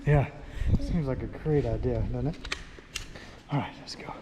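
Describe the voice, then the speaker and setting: Man in his thirties, bright and animated delivery, teasing and laughing, reverberant room. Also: mid-range voice, moderate pace, background noise. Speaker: dad vlogger. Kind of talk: playful family vlog chat. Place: home, indoors. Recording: echoey room with long reverb.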